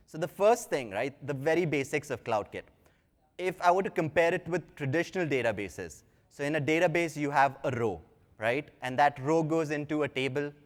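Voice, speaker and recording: Casual man giving a talk in a hall. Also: a little high. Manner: casual, chatty, self-deprecating asides. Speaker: conference speaker. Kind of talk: live tech conference talk. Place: large conference hall. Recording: long hall reverb.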